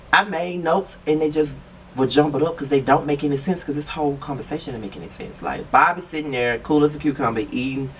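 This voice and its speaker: A man's voice: mid-range voice, fairly bright tone, recorded from a distance, a little hiss or hum. A man giving blunt, profane, exasperated commentary while reviewing a reality TV show. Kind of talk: casual video commentary.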